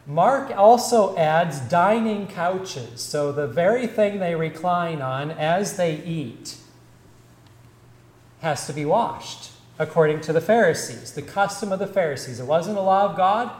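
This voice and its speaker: A male Lutheran pastor preaching a sermon, explaining scripture in a measured, deliberate teaching manner. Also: fairly high pitch, lively intonation, darkish tone, reverberant, rough recording.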